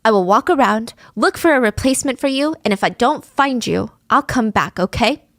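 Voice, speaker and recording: A woman's voice: a little high, lively intonation, moderate pace, dry recording, clean studio sound. A woman voicing a desperate young wife who pleads with her husband in a letter, read aloud in an earnest tone. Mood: pleading.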